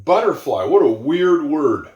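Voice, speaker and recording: A man's voice: fairly high pitch, very animated, darkish tone, dull audio. Man teaching English in an echoey room. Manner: slow, repeats example sentences, musing asides. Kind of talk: explaining English to learners.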